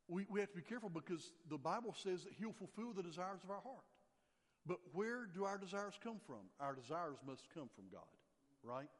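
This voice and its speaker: An older male pastor delivers an emphatic sermon, repeating key phrases and lowering his voice for scripture readings. The recording carries long hall reverb.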